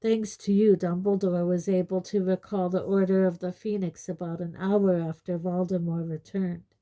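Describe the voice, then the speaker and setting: A woman reading an audiobook, voicing an earnest man in his thirties who explains things calmly. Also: lowish voice, moderate pace, lightly acted. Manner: calm, explanatory.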